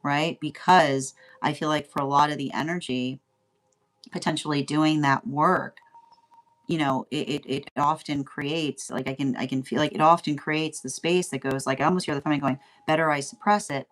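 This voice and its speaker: Rambling, low-voiced woman tarot reader. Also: steady tone, normal speed. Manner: rambling, repeats "right?", often laughs. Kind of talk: casual spoken tarot reading.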